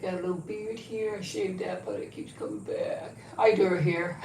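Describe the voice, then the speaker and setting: A woman's voice: medium pitch, measured pace, long pauses, darkish tone, reverberant, a little hiss or hum, rough recording. A woman hosting a casual livestream from home, rambling chattily and coaxing her dog in a sing-song voice. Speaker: YouTube channel host.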